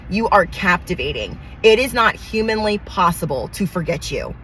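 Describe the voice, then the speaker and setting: A woman's voice: fairly low pitch, very animated, moderate pace, fairly bright tone, a little hiss or hum, low-quality recording. A woman giving a channeled tarot reading, talking in emphatic, repetitive affirmations with casual slang. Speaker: tarot reader.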